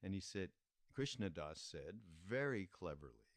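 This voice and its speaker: An older man hosting a podcast, telling a story in a reflective, meandering way with pauses and restarts. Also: low voice, expressive, dry recording. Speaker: podcast host. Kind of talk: casual spoken storytelling.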